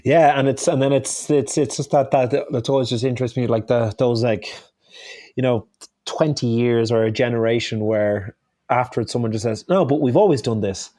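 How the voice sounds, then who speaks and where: A man's voice: medium pitch, normal speed, warm tone, no echo, studio quality. A man speaking as a chef guest in a casual interview, hesitant and often restarting his phrases.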